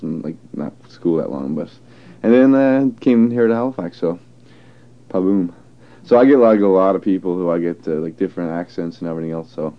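Man, Newfoundland accent, deep-ish voice, rambling casual chat, frequent chuckles, muffled old archive recording. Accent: Newfoundland English. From Newfoundland, Canada. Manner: rambling, chuckling, self-correcting. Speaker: dialect archive interviewee.

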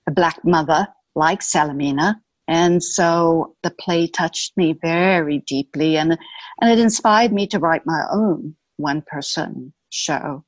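A woman, slowly explaining and carefully pronouncing words and names. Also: on the low side, dry recording. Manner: slow, deliberate, pronouncing each word carefully. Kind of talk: glossary of South African words and pronunciations.

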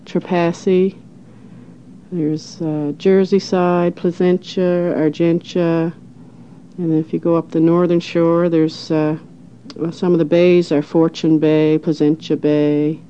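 A middle-aged woman from St. John's, Newfoundland, with a townie accent, talking in a relaxed, easygoing way in a recorded interview with frequent pauses. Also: lowish voice, slight background noise. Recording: dull lo-fi recording.

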